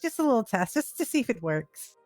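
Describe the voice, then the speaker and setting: A woman's voice: on the high side, big pitch swings, a little fast, darkish tone, faint music behind. A woman in casual in-character role-play chat, curious and questioning, stammering when flustered.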